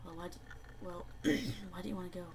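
Woman gamer, reads chat aloud, lively swearing reactions, voice a bit off-mic, loud music underneath. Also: lowish voice, fairly quick, creaky. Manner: animated, swears and laughs between read-out lines. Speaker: let's play gamer. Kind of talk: reading game chat aloud with live reactions. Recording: loud game music behind, mic at a distance.

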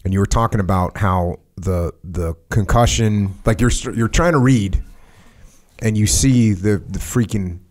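A male host with a low voice who interviews his guest in a casual way. He asks plain, direct questions. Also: measured pace, darkish tone. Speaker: podcast host.

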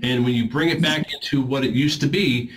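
A man leading a group voice warm-up class in an informal, encouraging coaching way. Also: mid-range voice, brisk, background noise. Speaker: voice exercise instructor.

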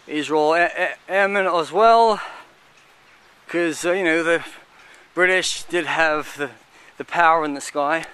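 A man giving casual, halting commentary as he walks through an outdoor cemetery, listing what he sees with many fillers. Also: fairly high pitch, bright, forceful tone, clear, resonant tone. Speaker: vlogger touring a cemetery.

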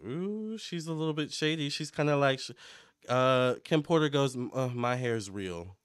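A man giving a casual psychic tarot reading to camera, chatty and excitable as he relays what he picks up in a running commentary. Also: mid-range voice, normal speed, clear, resonant tone, no room sound, clean studio sound. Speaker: tarot reader and medium.

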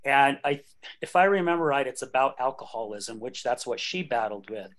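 A man's voice: medium pitch, expressive, normal speed, fairly bright tone. Candid late-fifties man hosting a podcast. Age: late 50s. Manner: candid and jokey, laughs often. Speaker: podcast host. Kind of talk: casual conversation.

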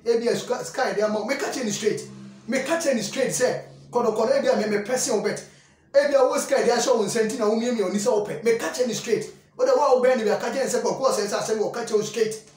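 A man's voice: very high voice, very fast, darkish tone. A man hosting a football talk show, commenting casually and animatedly, often repeating phrases and mixing in English words. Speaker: sports show host. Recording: echoey room, far from the mic.

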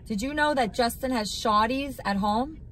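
A woman's voice: fairly high pitch, normal speed, fairly bright tone. A woman hosting a live stream, chatting casually with a caller and teasing her playfully. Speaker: livestream host.

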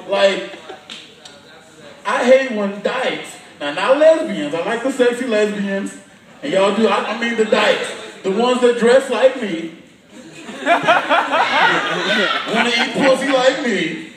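A woman's voice: fairly high pitch, lively intonation, takes it slowly, pauses often, far from the mic. A woman doing a brash, profane stand-up comedy set. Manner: loud, brash, swearing. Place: comedy club stage. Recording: echoey club recorded from afar, crowd laughing.

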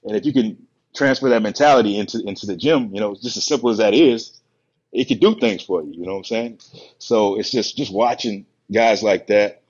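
A man who is a bodybuilder and podcast guest, telling stories in a relaxed, rambling way and acting out the quotes. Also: lowish voice, brisk. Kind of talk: casual storytelling on a podcast. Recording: muffled lo-fi podcast audio.

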